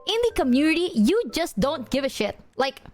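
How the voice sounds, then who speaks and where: A woman's voice: high-pitched, sing-song, a little fast, darkish tone, soft background music. A young woman streaming and chatting casually with her viewers, bubbly, laughing often and swearing freely.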